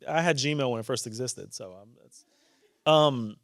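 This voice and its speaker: A man's voice: medium pitch, no echo, clean studio sound. A man in his thirties with a New York accent, a judge telling stories candidly and earnestly in a conversation before an audience. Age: 30s. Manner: animated, candid and earnest, quick restarts. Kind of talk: conversational storytelling on stage.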